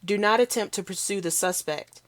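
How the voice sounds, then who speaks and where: Woman reading as a calm formal emergency dispatcher. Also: mid-range voice, brisk, natural voice. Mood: firm. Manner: steady, formal, repeating instructions. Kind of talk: read-aloud novel.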